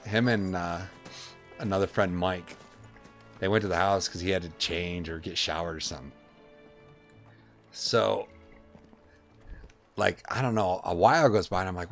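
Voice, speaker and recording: Streamer, middle-aged guy, lowish voice, acts out the voices in his story. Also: normal speed, pauses often, soft background music. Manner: animated, acts out voices, says man a lot. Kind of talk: casual storytelling while streaming a game.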